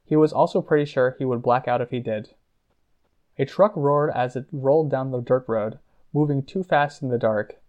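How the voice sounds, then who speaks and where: Brief: male narrator, mid-pitched, steady reading, slightly muffled lo-fi sound. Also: moderate pace. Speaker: audiobook narrator. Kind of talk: scripted narration.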